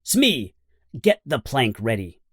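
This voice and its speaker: A man voicing a cruel male pirate captain who speaks slowly and mockingly in an audiobook reading. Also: mid-range voice, wildly swooping pitch, fairly bright tone, husky, dry recording, clean studio sound, heavily acted. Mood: commanding. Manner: slow, mocking, laughing.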